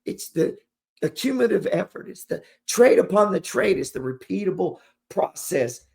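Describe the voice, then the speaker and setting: Rambling, profane man with a higher voice. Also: big pitch swings, moderate pace, vocal fry, darkish tone. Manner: rambling, profane, storytelling with slang. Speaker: investing channel host. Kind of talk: casual motivational talk to camera.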